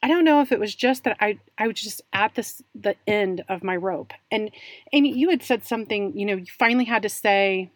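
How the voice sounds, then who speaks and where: A woman's voice: medium pitch, brisk, dry recording. A woman telling a candid, self-deprecating story about a hard moment as a parent, laughing at herself. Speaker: parent, conversation guest. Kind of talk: candid personal story in conversation.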